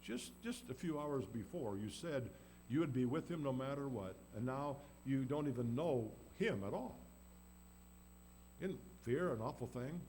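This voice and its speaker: A man's voice: medium pitch, expressive, measured pace, darkish tone, low-quality recording. A man preaching a sermon in a folksy, storytelling way, acting out the people in the story. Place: church. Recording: faint background noise and hum.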